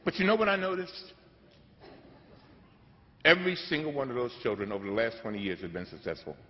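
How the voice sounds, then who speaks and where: Male keynote speaker, mid-pitched, preacher-like repetition, recorded lo-fi in a reverberant hall. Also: brisk, slight background noise. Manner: preacher-like cadence with emphatic repetition. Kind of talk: keynote speech. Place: large conference hall. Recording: echoey hall, dull lo-fi sound.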